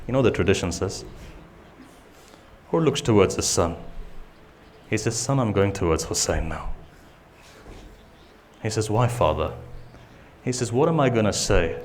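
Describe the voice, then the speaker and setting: A male preacher with a notably high voice delivers an emotional sermon as a story. He often sinks into soft, hushed passages before building back up with feeling. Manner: dramatic, dropping to hushed tones then rising again. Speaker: Muslim preacher.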